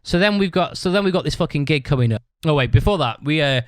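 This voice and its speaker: A young British man rambles through a sweary story on his podcast, casual and laughing as he speaks. His voice is on the high side, fast and lively in intonation. The recording is dry, with clean studio sound.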